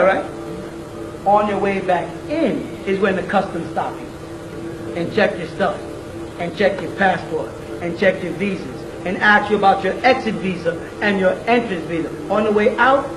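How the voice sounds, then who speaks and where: A man giving an informal lecture to a group, blunt and casual, constantly checking in with questions like "you know what I'm saying?". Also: high-pitched. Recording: echoey room, mic at a distance, faint ambient noise.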